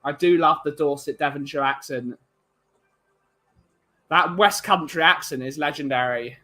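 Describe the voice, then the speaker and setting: A man's voice: a little high, unhurried, bright, forceful tone. A man from England hosting a casual live-stream podcast, rambling chattily and greeting chat viewers by name.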